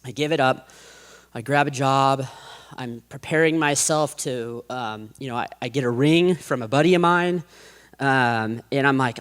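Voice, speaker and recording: A man giving a personal faith testimony to an audience, rambling and restarting, his voice dropping low and hushed in heavy moments. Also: moderate pace, smooth. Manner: rambling, self-described chaotic, with many restarts.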